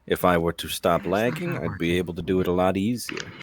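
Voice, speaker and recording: A man's voice: low voice, brisk, slight background noise. A man running a roleplay game session, calling out players and announcing the rules in a brash, profane, teasing way. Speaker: roleplay event organizer.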